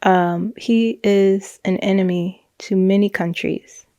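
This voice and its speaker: A woman talking through a psychic reading in a loose, chatty monologue, often laughing and restarting her sentences. Her voice sits at a middling pitch. The sound is dry and close, with no room echo. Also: steady tone, slow pace, dark tone. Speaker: psychic reader. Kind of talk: casual monologue recounting a reading.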